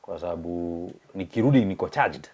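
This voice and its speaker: In a low-pitched, slightly rough voice and at a brisk pace, a young Kenyan guest tells his personal story casually in English and Swahili. He speaks with a Kenyan accent and animatedly acts out the people he quotes.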